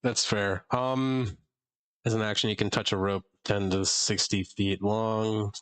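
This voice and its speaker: Bright-voiced young man running a tabletop game. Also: lowish voice, steady tone, clean tone. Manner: chatty, laughing, halting with fillers. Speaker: dungeon master.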